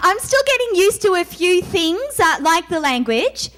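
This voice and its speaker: Very high-pitched Australian woman comic. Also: sing-song, measured pace, a bit bright. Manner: sardonic, self-mocking punchlines. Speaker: stand-up comedian. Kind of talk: stand-up comedy set.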